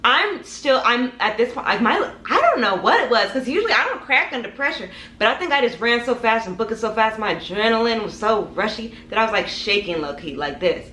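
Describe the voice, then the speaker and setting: A woman's voice: a little high, brisk, few pauses, slight background noise. A young woman telling a dramatic personal story to her viewers, talking to them directly and acting out the scenes. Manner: animated, dramatic storytelling, addresses viewers as y'all. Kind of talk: storytime vlog. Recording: echoey room.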